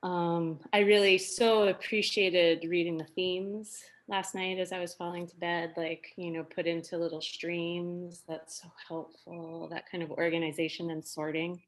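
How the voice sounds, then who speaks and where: A woman's voice: on the low side, flat delivery, a little slow, few pauses. A woman sharing her reflections with a group in an earnest, thoughtful way. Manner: earnest, reflective, many fillers. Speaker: workshop participant.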